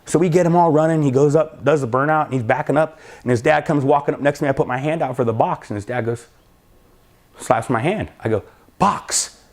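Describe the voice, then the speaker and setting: A man's voice: fairly high pitch, quick pace, a little mellow. A middle-aged man casually telling a drag racing story, acting out both sides of the dialogue as he goes. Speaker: drag racing school owner and crew chief.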